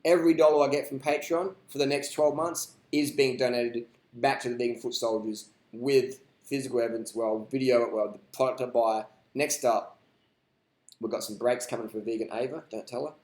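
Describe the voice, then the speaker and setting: A man's voice: medium pitch, fairly even intonation, fairly quick, a little mellow, echoey room. A man hosting a live stream, answering viewer questions in a blunt, rambling, profane way. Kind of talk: casual unscripted live stream chat.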